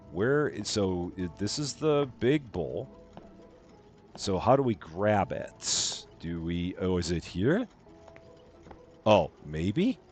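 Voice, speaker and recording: Lively low-voiced man streaming a game. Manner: chatty, playful, jokey asides; reads on-screen game text aloud. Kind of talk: live gameplay commentary.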